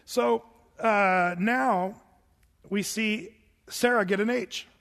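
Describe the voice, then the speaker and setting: A man's voice: high-pitched, slow pace, vocal fry, fairly bright tone, long reverb tail. A man preaching a sermon, teaching through Bible verses in a conversational way with joking asides. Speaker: pastor.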